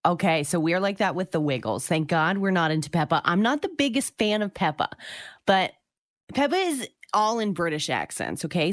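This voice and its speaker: A woman's voice: low voice, no room sound. A woman co-hosting a radio show in casual banter, laughing often mid-sentence, on a close studio mic. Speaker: radio co-host.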